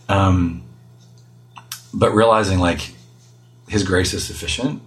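A man's voice: sits low, fairly even intonation, slow, long pauses, rough recording. A middle-aged man, a guest, giving earnest, self-deprecating conversational answers about parenting in an interview.

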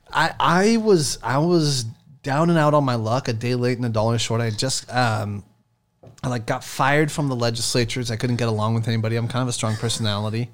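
A man hosting a podcast, chatting casually, joking and swearing as he rambles. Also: mid-range voice. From Sacramento area. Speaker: podcast host.

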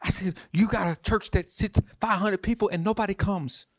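A man's voice: sits high, fairly even intonation, moderate pace. A man preaching a sermon in an informal, folksy way, repeating his questions and calling on the congregation to respond. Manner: preaching with repetition and call-and-response; folksy, informal church talk with "y'all". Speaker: pastor.

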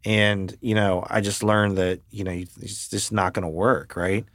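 Blunt, low-voiced male podcast host. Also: level tone, unhurried, fairly bright tone, no room sound, clean studio sound. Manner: blunt and profane, emphatic storytelling. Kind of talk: casual chat.

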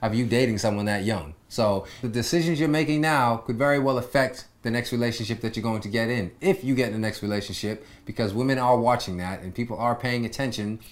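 A man's voice: medium pitch, quick pace, few pauses. A man hosting a casual relationship talk show, chatting with a guest and giving advice in an easygoing way. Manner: relaxed, advice-giving, with lots of agreeing "yeah". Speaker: podcast host. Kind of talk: casual chat.

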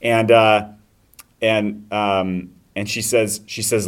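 Male podcast host, slightly low voice, lively storyteller who slips into character voices. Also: takes it slowly, smooth. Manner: animated storyteller acting out scenes in voices. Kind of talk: casual movie discussion.

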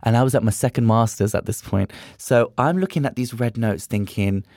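A man's voice: mid-range voice, a little fast, no room sound, clean studio sound. A young man, a guest on a podcast, telling stories in a casual chat and acting out the dialogue. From England. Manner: animated, acts out quoted dialogue. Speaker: podcast guest, drag performer.

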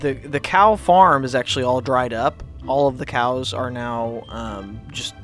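A man's voice: mid-range voice, unhurried, soft background music. A man in casual tabletop game podcast chat, joking and rambling as he talks. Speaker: player and cohost.

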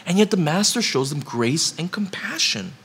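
A man's voice: a little high, sing-song, normal speed, gravelly, fairly bright tone, husky. A man preaching a sermon, building up to emphatic rhetorical questions.

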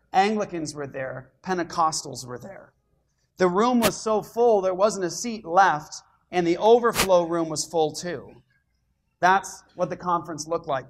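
A high-voiced man preaching to his church, recounting events with animated energy. His voice climbs and grows louder at exciting moments, in a sermon delivered to a congregation. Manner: animated storytelling, rising loud when excited. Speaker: pastor.

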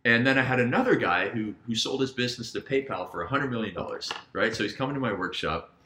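Bright-voiced man telling animated stories. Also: mid-range voice, quick pace, slight background noise. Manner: animated, acts out quoted dialogue. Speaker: guest business coach. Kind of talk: casual podcast storytelling. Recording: roomy echo.

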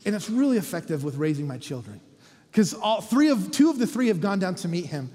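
A middle-aged North American man preaching a sermon as a pastor, with animated humor and lines that drop to a soft, quiet close. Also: sits high, quick pace. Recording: reverberant church hall.

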